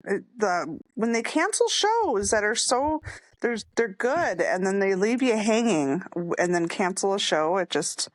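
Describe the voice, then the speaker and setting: A woman co-hosting a casual podcast chat, talking excitedly and expressively, often laughing. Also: mid-range voice, measured pace, no room sound. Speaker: podcast co-host.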